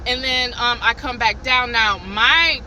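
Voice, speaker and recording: A woman speaks into her phone camera from a car, retelling a clash at work. She is animated and heated, stumbles over her words, and keeps starting again. Her voice is high and crisp, with faint traffic behind it. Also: a little slow, a faint crowd, poor audio. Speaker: vlogger telling a work story. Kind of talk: casual storytime.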